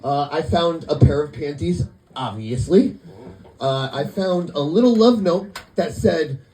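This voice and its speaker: A man performing a stand-up comedy set in a club, telling stories in a deadpan way and quoting the people in them. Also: on the high side, measured pace, reverberant, poor audio. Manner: deadpan storytelling with quoted voices.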